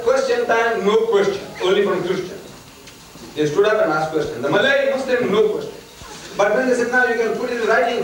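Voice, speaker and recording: An older man from South Africa giving a public lecture to students, telling stories with teasing emphasis. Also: sits high. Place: large lecture hall. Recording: echoey hall from far off, noisy.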